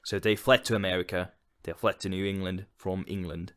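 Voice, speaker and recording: A man from Finland with a Finnish accent, co-hosting a casual podcast chat and cracking deadpan jokes. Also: deep voice, a little fast. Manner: deadpan joking. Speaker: podcast co-host.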